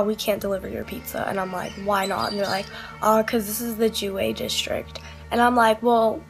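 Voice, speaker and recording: A woman's voice: a little high, creaky. A young woman vlogger telling a story in a chatty, swearing way, acting out both sides of her phone calls. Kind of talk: casual storytime vlog.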